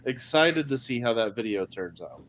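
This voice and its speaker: A man's voice: mid-range voice, expressive, normal speed, fairly bright tone. A man hosting a casual live chat about games, upbeat and speaking to viewers at home. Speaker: host.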